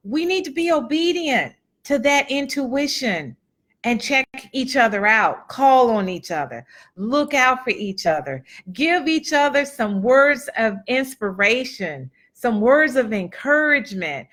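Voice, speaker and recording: Speaking at a measured pace with a high, expressive, slightly bright voice, a middle-aged woman hosts an event and gives an earnest, chatty motivational talk to a live audience. She repeats key phrases and reads viewers' comments aloud.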